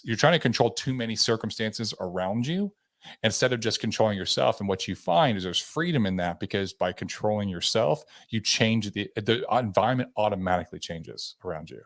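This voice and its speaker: A man's voice: fairly low pitch, brisk. A man hosting a podcast interview, talking earnestly and repeating words as he works through his thoughts.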